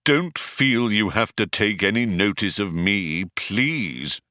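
A man voicing a gloomy, depressed male robot in an audiobook, with a muffled, mournful drone and slow, dejected delivery. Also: lowish voice, lively intonation, pushed and bright, no room sound, studio quality, full character voice. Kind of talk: audiobook character voice.

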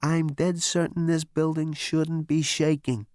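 Zaphod, a man playing a brash excitable space rogue. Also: on the high side, a little slow, dry recording, studio quality, pitched above the performer's own voice, lightly acted. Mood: excited alarm. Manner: loud, wisecracking and jumpy. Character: brash excitable male ex-galactic president.

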